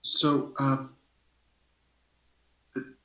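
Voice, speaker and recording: A man's voice: drawn-out words, a bit bright. A man voicing a polite, cautious merfolk man who speaks formally and deferentially. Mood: polite concern. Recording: echoey room.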